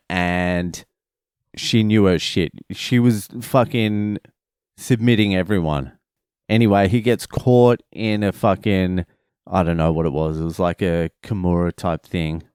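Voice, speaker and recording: A man's voice: on the low side, a little slow, clean tone, dry recording, studio quality. A man, a father, telling a family story in a casual, profane, rambling vlog. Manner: profane, rambling, animated retelling.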